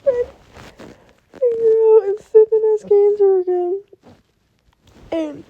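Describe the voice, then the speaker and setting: A young woman talking through tears in a personal vlog, halting and emotional, her voice breaking. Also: no room sound, dull audio. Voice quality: high soft voice, halting and tearful. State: crying.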